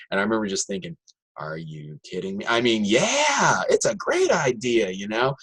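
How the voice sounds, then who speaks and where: A man, a high school math teacher, telling a classroom story to an audience and acting out his students' voices. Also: brisk, husky. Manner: animated, acts out students' voices in quotes.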